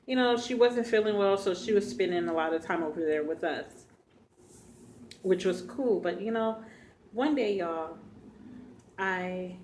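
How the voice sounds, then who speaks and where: A woman vlogger telling a personal story to her viewers, earnest and halting, speaking straight to them. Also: medium pitch, darkish tone, a little hiss or hum, low-quality recording. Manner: earnest, addresses viewers directly; halting, emotional retelling.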